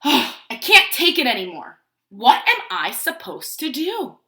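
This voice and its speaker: A woman voicing a grumpy, possessive male pigeon from a picture book, with loud, exasperated outbursts. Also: sits high, big pitch swings, measured pace, exaggerated voice. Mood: frustrated. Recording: roomy echo.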